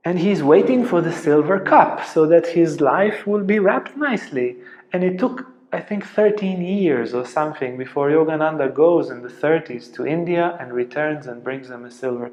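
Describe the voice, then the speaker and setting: A man giving a spiritual lecture as a teacher, telling stories earnestly and dropping to a soft hush at tender moments. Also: a little high. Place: ashram lecture room. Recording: roomy, echoey lecture room.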